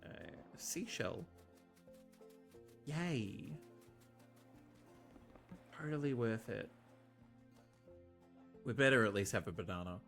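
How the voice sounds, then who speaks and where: Animated jokey male game streamer. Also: fairly low pitch, slow pace, pauses often, faint music behind. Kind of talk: casual game playthrough commentary.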